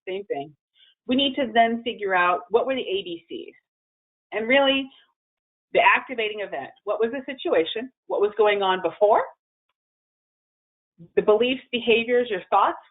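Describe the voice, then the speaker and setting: A woman giving a webinar presentation on emotional well-being in a conversational way, with fillers and restarts. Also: on the high side. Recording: phone-line audio.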